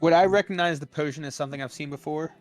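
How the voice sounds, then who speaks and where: A man's voice: on the high side, racing, soft background music. Joking man playing a tabletop game. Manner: joking, playful banter. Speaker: player. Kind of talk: casual game chat.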